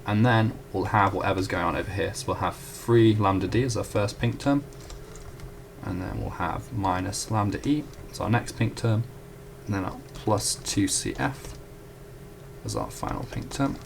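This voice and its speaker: Working through a math proof at a whiteboard, this young tutor keeps it casual and chatty, fixing his own mistakes and apologizing as he goes. He sounds very animated at a moderate pace, with a fairly low voice, vocal fry, and a little hiss or hum in the audio.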